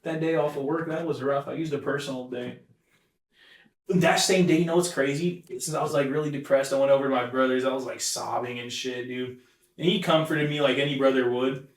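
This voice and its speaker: A man's voice: mid-range voice, steady tone, brisk. Young man telling profane stories, echoey room. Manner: profane, rambling storytelling. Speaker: podcast co-host. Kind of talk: casual chat.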